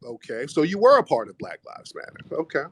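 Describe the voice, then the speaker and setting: A man's voice: a little high, huge pitch swings, brisk, husky, no echo. Mocking male talk host, dry close sound. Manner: confrontational, mocking, repeats "brother". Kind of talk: live audio room debate.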